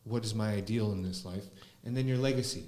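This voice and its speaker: A man, a spiritual teacher, talking slowly and reflectively as a podcast guest, often pausing with fillers. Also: lowish voice, mellow. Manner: slow, musing, with frequent fillers. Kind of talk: reflective conversational talk. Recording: roomy echo.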